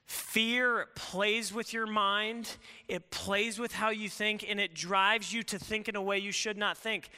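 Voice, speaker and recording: A man preaching with a high, very bright and smooth voice, talking to the congregation in a lively, conversational way and throwing out rhetorical questions. His voice carries a long hall reverb. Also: measured pace. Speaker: pastor. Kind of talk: sermon.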